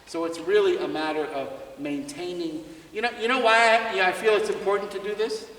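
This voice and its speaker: A man's voice: high voice, steady tone, fairly quick, fairly bright tone, slight background noise. A man giving a jazz clinic to students, chatty and laughing, asking them questions as he teaches. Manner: conversational, asks students questions, laughs often. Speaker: visiting jazz trumpet clinician. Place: school music room or hall. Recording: echoey hall from far off.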